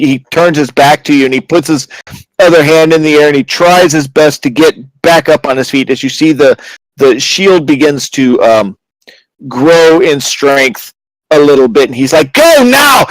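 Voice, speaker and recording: A man's voice: a little high, dry recording, poor audio. Dry-voiced man narrating as game master. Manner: halting, with many restarts, dramatic.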